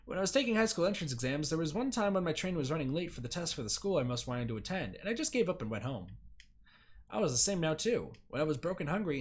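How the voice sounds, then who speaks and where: A male game streamer reads a visual novel's narration aloud, breaking off for quick jokes. His voice is husky, and his pitch rises and falls in a lively way. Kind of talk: casual game commentary and dramatic reading.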